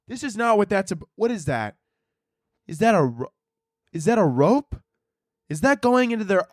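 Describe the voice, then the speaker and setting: A scandalized saint gasping at what he sees below, as a man puts him on. The voice leaps high with each exclamation and sounds close and dry, with no room around it. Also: a little mellow, no echo. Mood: shocked. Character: bewildered saint peering down from heaven, male.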